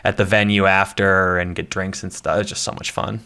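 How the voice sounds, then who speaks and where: A man's voice: deep voice, little pitch movement, a little fast, sharp tone, smooth. A man in his thirties, a podcast guest chatting casually and rambling with lots of likes and ums. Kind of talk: casual chat.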